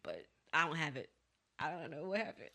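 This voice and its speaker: A young woman who talks fast and animated, chatting casually as a podcast co-host. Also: low voice, very noisy. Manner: fast-talking, animated, self-deprecating. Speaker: co-host, daughter. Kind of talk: casual chat.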